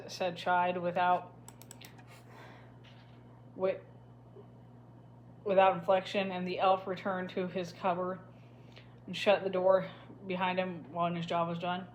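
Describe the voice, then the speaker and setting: A woman narrating an audiobook in a steady, even reading voice. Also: on the low side, unhurried, pauses often, a little hiss or hum. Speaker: audiobook reader.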